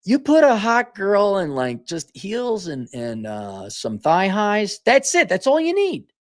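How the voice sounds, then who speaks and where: A man hosts his own show in a blunt, sarcastic, casual monologue, swearing freely and reading viewer comments aloud. His pitch swings widely, rising and falling as he talks. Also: wildly swooping pitch, unhurried. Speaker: host.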